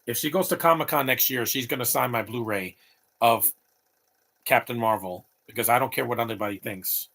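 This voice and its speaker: A man's voice: medium pitch, fairly quick, bright, forceful tone. A man in his late thirties giving opinionated, rambling live commentary over a movie, talking back at the screen. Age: late 30s.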